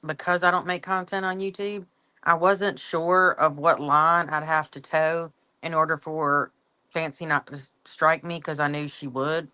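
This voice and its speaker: A woman's voice: deep voice, sharp tone, smooth. A woman on a livestream panel, chatting casually and laughing often. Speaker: panel guest.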